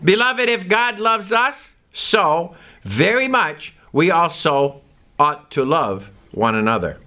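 A man preaching a sermon to a congregation, reading scripture aloud and stressing key words in an emphatic, drawn-out delivery. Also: on the high side, expressive, bright, forceful tone.

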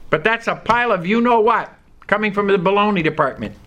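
An older man preaching a folksy, emphatic sermon, reading scripture aloud and slowing down to stress key words. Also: sits high, sharp tone.

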